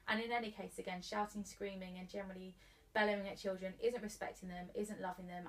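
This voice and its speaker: Woman trainer, bit of vocal fry, calm clear advice, mic kinda distant. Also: medium pitch. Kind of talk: explaining advice in an interview.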